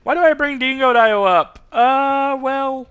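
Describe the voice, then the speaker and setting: A man from the US South hosts a let's play, chatting casually and rambling from joke to joke. His voice is high-pitched and bright. He laughs often as he talks. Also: measured pace, clean tone. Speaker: gaming channel host.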